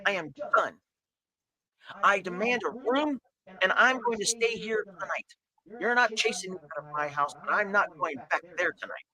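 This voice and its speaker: A big half-orc woman bellows and accuses everyone around her, her voice pitched high and bright, as a game master puts her on. She yells at full force. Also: moderate pace, low-quality recording. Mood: furious. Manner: screaming, accusing. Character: huge angry half-orc woman, desperate. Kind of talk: tabletop game role-play.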